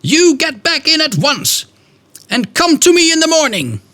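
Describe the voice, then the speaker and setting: A man's voice: very high voice, very animated, a little slow, bright, forceful tone, voice pushed up, full character voice. A man voicing a terrible, stern woman who runs an orphanage, speaking in a harsh, scolding way.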